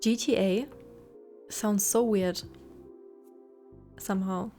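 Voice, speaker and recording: A woman's voice: mid-range voice, fairly even intonation, slow. A young woman chatting casually and rambling while streaming a game. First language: German. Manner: chatty, rambling, soft asides to chat. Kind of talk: casual gameplay commentary. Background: faint game music.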